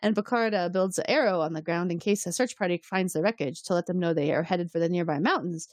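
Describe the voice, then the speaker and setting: A woman's voice: lowish voice, fast, darkish tone, no echo, clean studio sound. A woman co-hosting a podcast, recapping an episode in casual chat, sarcastic and swearing, often laughing.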